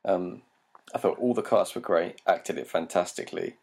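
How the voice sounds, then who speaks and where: Deep gravelly husky man, hesitant chat. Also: moderate pace, a little mellow. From Britain. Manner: hesitant, laughs often, trails off. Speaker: podcast co-host. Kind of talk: casual chat.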